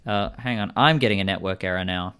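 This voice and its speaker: A man narrating as game master of a tabletop role-playing game, in a relaxed, joking manner. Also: deep voice, fast talker, smooth. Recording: faint network glitches over a stream.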